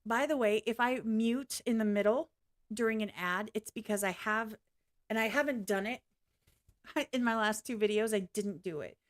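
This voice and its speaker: A woman's voice: fairly high pitch, normal speed. Chatty rambling woman vlogger. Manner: chatty, rambling, apologetic, swears casually. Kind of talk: casual reaction vlog chat.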